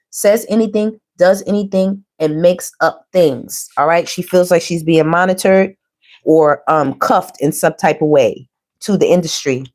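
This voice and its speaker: Chatty woman giving a tarot reading. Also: fairly low pitch. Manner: chatty and animated, calls listeners baby and girl, laughs often. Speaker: tarot reader. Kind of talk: casual tarot reading to viewers.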